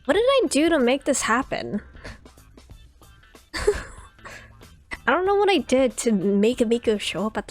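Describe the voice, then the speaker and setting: A woman streaming a story game, chatting curiously and reading the text aloud. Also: high voice. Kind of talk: playthrough commentary and reading aloud.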